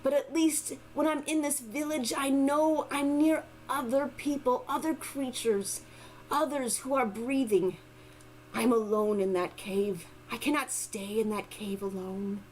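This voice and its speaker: A woman's voice: slight background noise, poor audio. A woman putting on a weak, lonely sick dragon. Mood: weak, tired. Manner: weak, slow, low.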